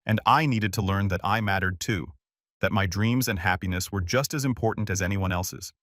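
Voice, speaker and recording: A man calmly narrating a first-person story in an even storytelling voice, recorded close to the mic. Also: sits low, moderate pace, no echo.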